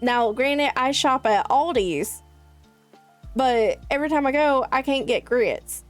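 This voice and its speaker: A woman's voice: high-pitched, takes it slowly, soft background music. A young woman from South Carolina with a Southern accent, chatting to her stream chat in a rambling way. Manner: chatty, rambling, many likes. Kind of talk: casual chat with live chat.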